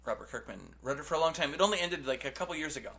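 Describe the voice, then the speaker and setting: A man's voice: fairly high pitch, a bit bright. A man co-hosting a comic shop podcast, bantering in a joking, playful way. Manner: joking, playful, quick back-and-forth. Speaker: podcast co-host.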